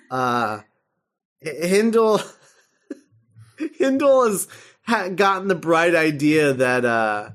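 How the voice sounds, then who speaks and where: A man's voice: a little high, a bit bright. A man co-hosting a podcast, casually recapping an episode with lots of laughter and fillers. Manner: chatty, laughs often, many fillers while retelling. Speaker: podcast co-host.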